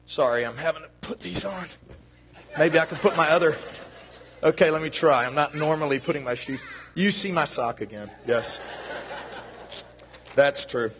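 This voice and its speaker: A man's voice: fairly high pitch, moderate pace, pauses often, a bit bright, a little hiss or hum. A man giving a children's sermon in a church, talking to the kids in a playful, friendly way. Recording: long reverb of a church hall.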